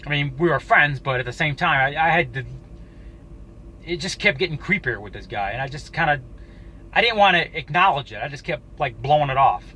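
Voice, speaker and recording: Bright-voiced man telling a story, swearing freely. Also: on the high side, lively intonation, slight background noise, poor audio. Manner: profane, halting, with frequent restarts. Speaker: YouTuber. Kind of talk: casual storytelling to camera.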